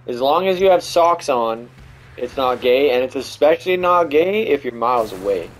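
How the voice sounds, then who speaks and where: A man's voice: mid-range voice, expressive, moderate pace, poor audio. A young man hosting casual gaming commentary, joking and teasing his friends over a headset mic on a voice call. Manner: joking, playful banter. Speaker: gaming channel host.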